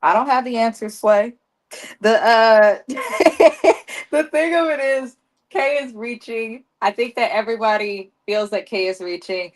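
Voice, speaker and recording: A woman's voice: fairly high pitch, measured pace. Woman weighing in on reality tv drama, firm and emphatic, hammers her point home. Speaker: podcast co-host. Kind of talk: casual reality TV commentary.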